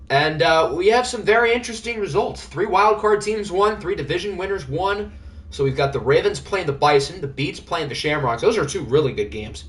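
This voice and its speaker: A livestream host with a fairly high, slightly bright male voice jokes his way through the results of a simulated football league. He's chatty and thinks out loud, keeping the sports sim commentary casual.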